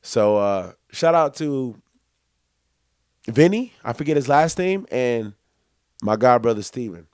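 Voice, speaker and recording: A man's voice: medium pitch, expressive, measured pace, pauses often, a little mellow, smooth, dry recording, clean studio sound. A young man co-hosting a podcast, telling a long story in casual chat, acting out quotes and laughing often. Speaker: podcast co-host.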